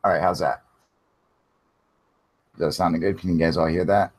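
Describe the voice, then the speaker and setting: A male livestream host chats casually and profanely, chuckling often and greeting viewers by name. He has a low voice with fairly even intonation at a moderate pace.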